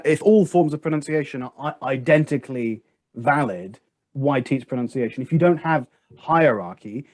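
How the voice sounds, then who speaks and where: A man's voice: medium pitch, no room sound. Opinionated man hosting a podcast, dry sound. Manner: opinionated, emphatic, lively storytelling. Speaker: podcast host. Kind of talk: casual podcast discussion.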